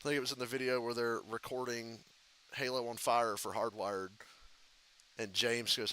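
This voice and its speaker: Man reacting live to a race, bright sharp voice, rambling, profane and quick to laugh. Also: mid-range voice, little pitch movement, rough recording. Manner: profane, rambling, laughs often at his own stories. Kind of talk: casual live reaction commentary.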